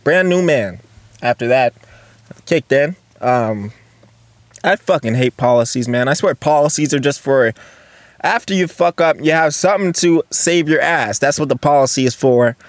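Guy ranting solo on his podcast, kinda high voice, cursing nonstop, loud one sec then mumbling, dry phone recording. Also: moderate pace, dry recording. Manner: profane, rambling, swings between loud outbursts and low mutters. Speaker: podcast host. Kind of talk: solo casual podcast rant. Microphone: recorded on a phone and laptop.

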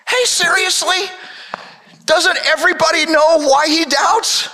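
A man's voice: very high voice, unhurried, pushed and bright. A male pastor preaching a sermon with dramatic storytelling and rhetorical questions. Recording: reverberant hall.

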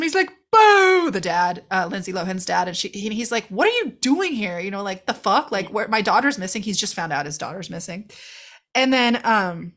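A woman's voice: medium pitch, fairly bright tone. A woman co-hosting a podcast, chatting casually and animatedly about a movie, laughing and swearing as she acts out the characters. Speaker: podcast co-host reviewing a movie. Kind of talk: casual chat.

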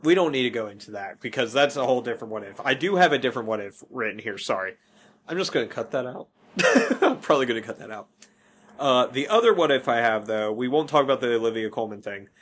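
A man's voice: mid-range voice, animated, fast, a bit bright, husky. A man hosting a podcast in casual chat, rambling, correcting himself and laughing often. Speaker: podcast host.

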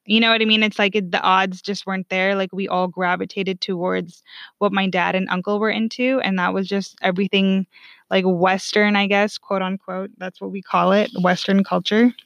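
A woman's voice: medium pitch, little pitch movement, normal speed, vocal fry, fairly bright tone, no room sound. A young woman telling a personal story candidly, swearing freely and leaning on "like" as a filler. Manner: frank, profane, heavy on "like" fillers. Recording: dull, lo-fi dry recording.

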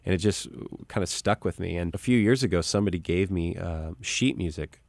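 A man's voice: deep voice, brisk, creaky, a little mellow, dry recording. A man, a musician and pastor, talking as a guest in an earnest, reflective way with frequent restarts. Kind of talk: conversational interview.

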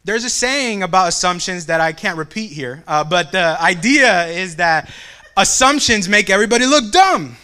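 A young man with a bright, forceful voice gives a devotional talk. He tells a childhood story with animated energy and acts out the family voices. His voice sits a bit higher than most men's. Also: normal speed, clean tone.

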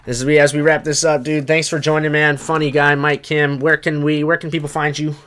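A man's voice: fairly high pitch, little pitch movement, a little fast, a bit bright. A man hosting a casual podcast, talking in a laid-back way full of fillers and swearing. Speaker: podcast host.

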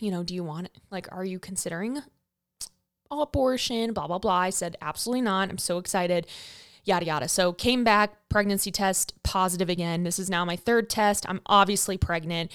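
A young adult woman hosting a podcast, telling a candid personal story in a frank, profane, animated way, acting out the quotes. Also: mid-range voice, brisk, smooth, no room sound, clean studio sound. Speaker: podcast host.

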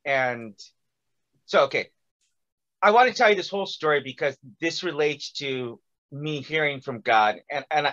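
A man's voice: medium pitch, muffled recording. A man telling a long personal story in casual conversation, acting out quotes with lots of fillers. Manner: animated, acts out quotes with many fillers.

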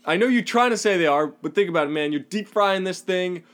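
A man's voice: sits high, animated, brisk, fairly bright tone. A young man from Canada co-hosting a podcast, teasing and exasperated in casual banter, with swearing. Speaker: podcast co-host.

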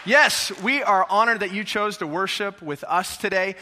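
A male pastor preaching a sermon in a large church sanctuary, energetic and conversational, firing rhetorical questions at the congregation. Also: sits high, moderate pace, crowd noise, noisy background. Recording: long hall reverb.

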